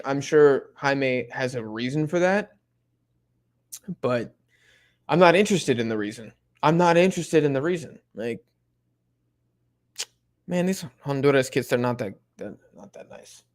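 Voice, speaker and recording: Laid-back young man streaming a match. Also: mid-range voice. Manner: laid-back slang-heavy chatter, many fillers. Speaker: watch-along streamer. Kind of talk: casual live stream commentary reading chat.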